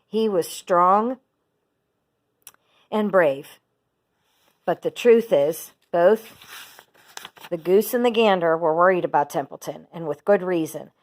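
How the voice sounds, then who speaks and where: A woman's voice: on the low side, slow, long pauses. Woman reading a children's book aloud. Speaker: teacher.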